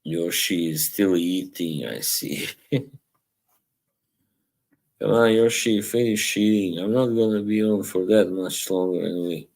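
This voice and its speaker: A man with a low, deep voice hosts a relaxed live-stream chat from home. He talks slowly and rambles, often chuckling and answering messages from his chat. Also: gravelly.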